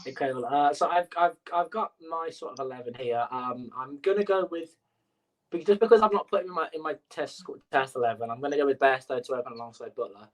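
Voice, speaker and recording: A man's voice: medium pitch, quick pace, poor audio. A man hosting a sports podcast, thinking aloud with lots of fillers in casual chat. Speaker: podcast host.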